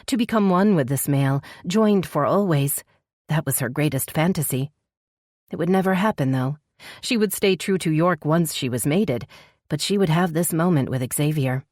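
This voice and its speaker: A woman with a low voice reads a romance audiobook. Her delivery is measured and sensual. The recording is dry and close, with no room sound. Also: a little mellow, no room sound. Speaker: audiobook narrator. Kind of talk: scripted romance narration.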